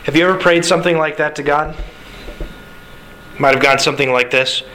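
A male pastor preaching a sermon in an animated, conversational way, full of rhetorical questions. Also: on the high side, brisk, pauses often, a little hiss or hum, rough recording.

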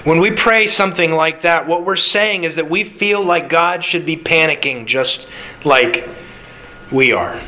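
A male pastor preaching a sermon in an animated, conversational way, full of rhetorical questions. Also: on the high side, unhurried, low-quality recording.

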